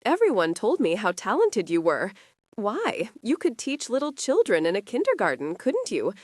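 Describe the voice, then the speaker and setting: A woman's voice: medium pitch, wildly swooping pitch, moderate pace, no room sound, studio quality, voice pushed up. A woman reading the part of a confused, doting older mother who rambles fondly about her daughter. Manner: gushing, rambling.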